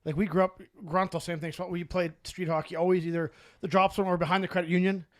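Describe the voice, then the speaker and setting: A man's voice: sits high, flat delivery, fast. A man co-hosting a podcast, chatting bluntly about growing up. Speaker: podcast co-host. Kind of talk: casual chat.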